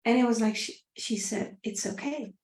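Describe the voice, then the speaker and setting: A middle-aged woman telling a personal story on a live stream, earnest and reflective, often repeating her phrases and sometimes dropping to a soft, quiet voice. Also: fairly high pitch, moderate pace. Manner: drops to a soft, quiet voice at times. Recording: roomy echo.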